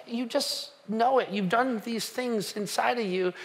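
A male pastor with a high-pitched voice delivers a conversational sermon. He speaks directly to the congregation, asking them questions and restarting his sentences as he goes. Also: measured pace, a little hiss or hum. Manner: conversational, with frequent fillers and restarts.

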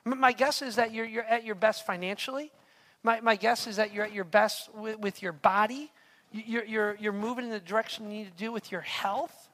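A man's voice: sits high, steady tone, fairly quick, a bit bright. A man preaching a sermon in an earnest, confessional way, often repeating words as he speaks to the room. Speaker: pastor. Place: church hall. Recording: long hall reverb.

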